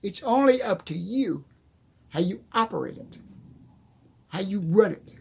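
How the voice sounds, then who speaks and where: A man's voice: sits high, expressive, a little slow, creaky, pauses often, slight background noise. A man giving an emphatic, repetitive motivational monologue, addressing the listener directly. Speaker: motivational speaker.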